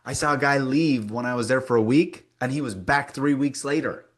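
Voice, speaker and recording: A man's voice: mid-range voice, a little fast. A man being interviewed, telling a story with energy and acting out the dialogue he quotes. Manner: animated storyteller who acts out quoted dialogue; frequent fillers and restarts, emphatic. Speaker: interview guest. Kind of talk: casual conversational interview.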